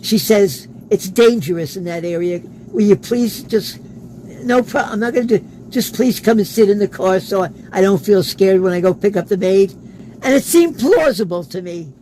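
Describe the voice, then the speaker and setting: A man's voice: high-pitched, moderate pace, warm tone, a little hiss or hum, low-quality recording. A man, an interview guest, telling a personal story in a casual way and acting out the quoted dialogue. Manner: acts out quoted dialogue in his stories.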